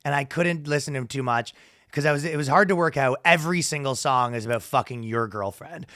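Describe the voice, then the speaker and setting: A man's voice: medium pitch, brisk, bright, forceful tone, no room sound, studio quality. A man hosting a casual comedy podcast, rambling through stories with lots of swearing and laughing at his own jokes. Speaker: podcast host.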